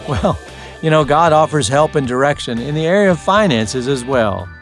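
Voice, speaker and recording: A man's voice: fairly high pitch, expressive, normal speed. A man hosting a radio program, reading a scripted introduction and closing. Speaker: radio host. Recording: soft guitar music behind.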